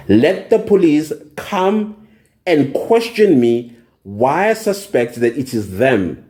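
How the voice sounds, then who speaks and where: Young male vlogger, fed-up, emphatic, repetitive rant; mellow, dark tone, mid pitch. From South Africa. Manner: indignant, emphatic, repeats phrases for emphasis. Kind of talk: angry personal vlog rant.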